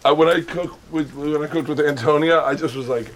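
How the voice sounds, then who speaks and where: A man's voice: on the high side, steady tone, fairly quick, a little hiss or hum. A man hosting a cooking show, chatting casually and telling anecdotes with laughter. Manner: laughs often, tells anecdotes with quoted lines. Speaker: show host. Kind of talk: casual chat while cooking.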